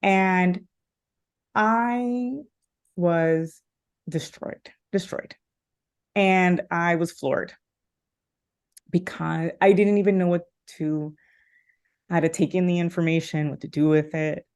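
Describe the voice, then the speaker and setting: A woman in her thirties speaks as a podcast guest, her voice sitting a little low. She tells a personal story with heartfelt emotion, circling back with fillers and restarts as she goes. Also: little pitch movement, unhurried, a little mellow, smooth.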